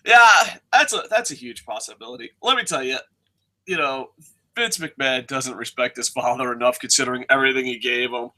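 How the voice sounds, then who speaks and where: A man co-hosting a casual wrestling preview podcast, ranting excitably and swearing often, laughing through his points. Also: medium pitch, brisk.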